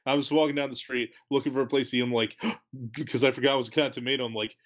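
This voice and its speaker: Man, podcast co-host, casual chat, mid pitch, crude jokes, swears freely. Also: fairly even intonation, very fast, fairly bright tone.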